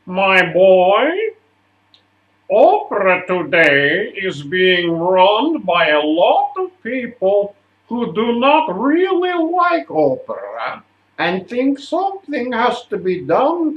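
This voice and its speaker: A man's voice: high voice, big pitch swings, slow pace, roomy sound, highs cut off, pitched above the performer's own voice, heavily acted. A man imitating a Russian-accented old opera director. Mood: lecturing. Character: older male opera director, gently lecturing.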